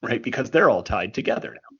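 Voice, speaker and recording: A man's voice: medium pitch, animated, brisk, gravelly, a crowd in the background. A man co-hosting a history podcast, explaining in casual chat, restarting often and tagging his points with "right?". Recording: dull lo-fi recording.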